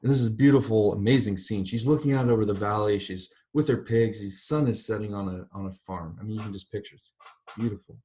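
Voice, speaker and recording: A man giving a university literature lecture, reading passages aloud and pausing to explain them in a thoughtful, digressive way. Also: fairly low pitch, a little mellow.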